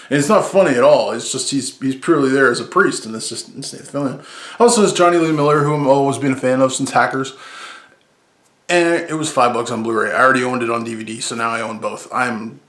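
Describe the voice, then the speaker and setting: A man's voice: mid-range voice, fairly bright tone. A man hosting a movie podcast in a casual, rambling, upbeat way, often correcting himself mid-sentence. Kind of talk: casual solo chat. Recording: echoey room.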